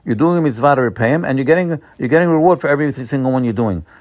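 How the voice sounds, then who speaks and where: A man who sounds like a rabbi, giving a holiday sermon. He talks haltingly, with many fillers, then builds to excited, emphatic bursts. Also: medium pitch.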